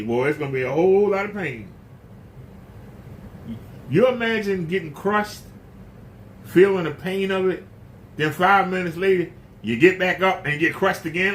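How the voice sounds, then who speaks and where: A man's voice: high voice, moderate pace, pauses often, fairly bright tone, slight background noise. Blunt, emphatic man preaching. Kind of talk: casual spoken sermon.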